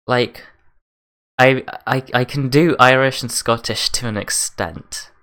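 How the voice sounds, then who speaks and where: A man's voice: medium pitch, fairly even intonation, slow pace, fairly bright tone. A young English man hosting a casual podcast, stammering now and then and laughing easily. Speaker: podcast host. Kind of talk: casual chat.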